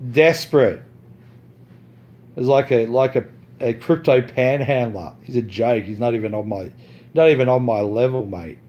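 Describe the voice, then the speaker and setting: A man's voice: mid-range voice, moderate pace, dull audio. A man ranting on his live stream, boastful and profane, repeating himself and saying "mate" a lot, with frequent stumbling restarts.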